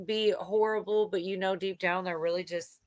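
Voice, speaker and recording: A woman's voice: lowish voice, fairly even intonation, normal speed. A woman hosting a livestream in casual chat, rambling with many fillers and laughing often as she talks. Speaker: livestream host.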